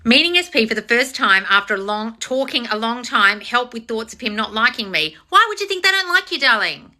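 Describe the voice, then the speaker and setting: Blunt, sweary woman coach, bright voice. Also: a little high, a little fast. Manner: blunt and sweary, with frequent mocking put-on voices; animated, teasing, talks straight to viewers. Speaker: manifestation coach hosting a live Q&A. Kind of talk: live stream answering viewer comments.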